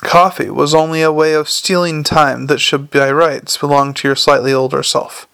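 A man's voice: fairly high pitch, level tone, moderate pace, vocal fry, pushed and bright, clear, resonant tone, dry recording. A man narrating an audiobook in a dry, wry storytelling manner. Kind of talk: scripted narration.

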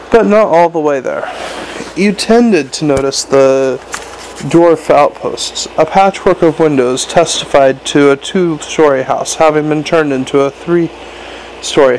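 A man's voice: on the high side, a little mellow, slight background noise, rough recording. A man narrating a comic fantasy novel in a wry tone, with small stumbles and restarts. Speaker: audiobook narrator.

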